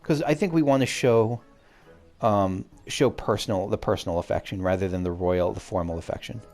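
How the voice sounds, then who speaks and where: A man's voice: lowish voice, fairly quick, darkish tone, soft background music. A man hosting a let's play, chatting casually and thinking aloud with self-deprecating asides. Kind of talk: casual game commentary.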